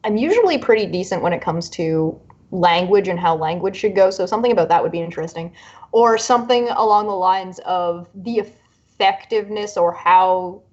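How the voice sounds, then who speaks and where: A woman's voice: fairly low pitch, moderate pace, a little mellow, highs cut off. A woman guest in a casual panel chat, playful and joking as she talks. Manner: playful, laughs and jokes between points.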